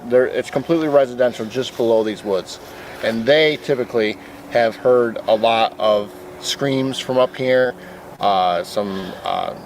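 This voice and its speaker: A man guiding a ghost hunt outdoors in hillside woods, explaining the place in a plain, matter-of-fact, halting way. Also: mid-range voice, a little hiss or hum, rough recording. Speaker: local guide. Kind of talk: casual explaining on location.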